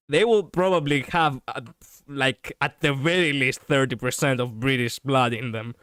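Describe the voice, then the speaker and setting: Male VTuber streamer, casual and chatty, smooth clear voice, dry close mic. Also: mid-range voice, normal speed, fairly bright tone, no echo. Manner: rambling, chatty, laughs often, self-correcting. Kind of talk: casual livestream chat reading viewers.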